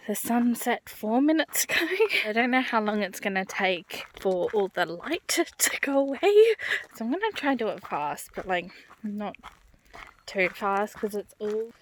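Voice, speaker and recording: Slow-spoken Australian woman vlogging outdoors. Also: medium pitch. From Western Australia. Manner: relaxed, chatty, often drops to a hushed whisper. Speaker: travel vlogger. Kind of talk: casual travel vlog narration. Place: outdoors on walking trails and a hillside. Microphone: handheld camera.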